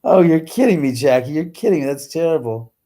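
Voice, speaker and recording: A man runs a casual livestream from his house, chatting with viewers while exclaiming and swearing without restraint. His voice is a little high and warm, brisk, with lively intonation.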